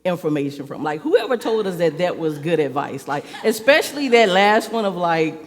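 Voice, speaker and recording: A woman's voice: fairly low pitch, animated, normal speed, few pauses. A woman church elder giving a conversational sermon, peppering her talk with "like" and laughing often. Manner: chatty, fills speech with "like", laughs often. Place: church sanctuary. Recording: reverberant church hall.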